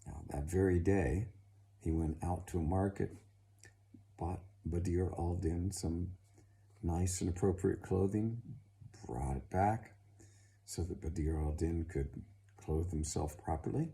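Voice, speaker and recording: A man narrating a folk tale in a slow, dramatic, expressive storytelling manner. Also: sits low, gravelly.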